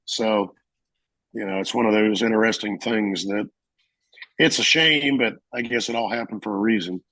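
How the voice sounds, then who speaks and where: A Marine veteran telling a story in a casual interview, acting out the voices of people in it and laughing often. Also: male voice, fairly low pitch, normal speed, sharp tone, dry recording, rough recording.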